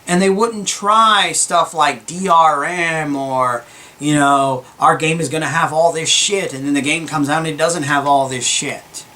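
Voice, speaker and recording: A young man hosting his gaming channel, giving a calm, earnest opinion monologue with many fillers and restarts. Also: a little high, unhurried. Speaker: gaming YouTuber.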